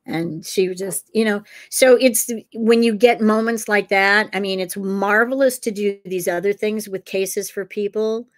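Woman guest on a video call, mid-pitched, chatty psychic-detective storyteller who rambles with fillers. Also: fairly even intonation, moderate pace, few pauses. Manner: rambling, circling back with fillers. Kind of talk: casual interview storytelling.

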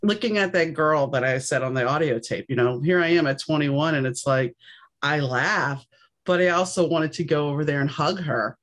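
A woman's voice: low-pitched, moderate pace. A woman from New Orleans with a New Orleans accent, hosting a podcast and chatting casually, telling stories and acting out what people said. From New Orleans, USA. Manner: animated storyteller, acts out quoted voices. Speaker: podcast host. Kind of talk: casual conversation.

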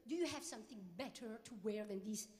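A woman's voice: fairly high pitch, a little fast, a little mellow, long reverb tail, voice pushed down, close to an everyday voice. A woman voicing a dashing, well-dressed man who owns a cabaret, persuasive and a bit scolding. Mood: coaxing.

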